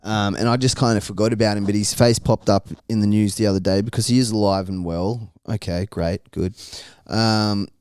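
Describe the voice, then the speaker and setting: A young man with a smooth, clear voice, telling a story in casual podcast banter. He swears freely, laughs often, and keeps his tone easy and crude. The sound is close and dry. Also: fairly low pitch, fairly even intonation, normal speed, hardly any pauses, darkish tone, no echo. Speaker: podcast co-host.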